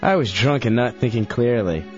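Young man, laughing slurry diary reading, lively voice, lo-fi radio sound. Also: mid-range voice, normal speed. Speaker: radio show regular reading his old diary. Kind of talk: radio talk, reading aloud. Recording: dull lo-fi radio broadcast with faint music.

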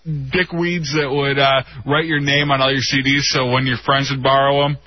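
A man's voice: mid-range voice, little pitch movement, normal speed. A young man co-hosting a radio show, talking in a blunt, teasing, matter-of-fact way. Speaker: radio co-host. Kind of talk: casual radio chat. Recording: dull lo-fi radio sound.

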